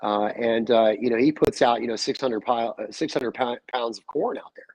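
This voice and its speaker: A man's voice: mid-range voice, brisk, no echo, poor audio. A man talking casually as a guest, telling stories and acting out the quoted back-and-forth. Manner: animated storyteller, acts out quoted dialogue. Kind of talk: casual chat. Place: call-in or remote line.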